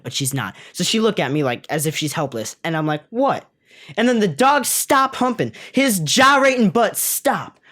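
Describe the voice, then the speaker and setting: A woman vlogger telling a comic story in a profane, slangy, animated way. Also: mid-range voice, dry recording, studio quality. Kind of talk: comedic storytelling vlog.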